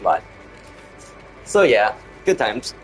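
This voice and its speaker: A man with a lowish voice talks through his gameplay in a loose, rambling stream-chat manner. He grumbles about little design quirks and chats to viewers as he goes. Soft game music runs quietly underneath. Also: sing-song, slow, poor audio. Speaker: gaming streamer. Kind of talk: casual gameplay commentary.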